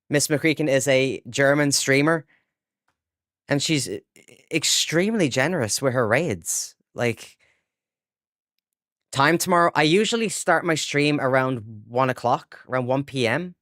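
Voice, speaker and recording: A man's voice: mid-range voice, moderate pace, fairly bright tone, dry recording, studio quality. A young adult Irish man chatting casually with viewers while he plays a game on a live stream. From Ireland. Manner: chatty, reads out chat and answers viewers, upbeat.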